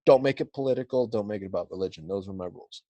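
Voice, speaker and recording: A man's voice: fairly low pitch, racing, mellow, no echo, muffled recording. A man telling a story as a podcast guest, swearing freely and acting out the quotes. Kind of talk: casual storytelling.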